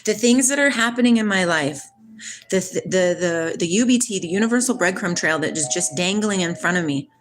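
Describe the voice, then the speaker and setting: A woman hosting a casual spiritual livestream, talking back to her chat in an excitable, preachy way. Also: fairly low pitch, a little fast. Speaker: livestream host reading chat.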